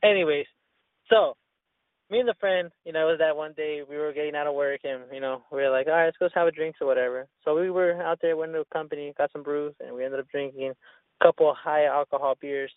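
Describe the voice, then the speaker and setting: A man's voice: a little high, steady tone, quick pace, clean tone, dry recording. A man telling a rambling story in casual chat, with lots of profanity and restarts. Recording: tinny phone-line sound.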